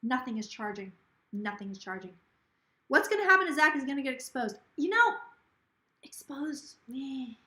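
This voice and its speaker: Tipsy lady rambling on a phone livestream, bright voice, kinda echoey room, swears a lot. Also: high-pitched, very animated, fairly quick. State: tipsy, slightly slurring. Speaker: psychic livestream host. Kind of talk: casual livestream chat.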